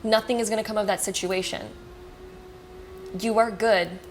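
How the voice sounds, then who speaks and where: A woman giving a casual pick-a-card tarot reading to viewers. She talks fast and with excitement, reassures them, and fills her speech with "like" and "you know.". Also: medium pitch, slight background noise. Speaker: tarot reader.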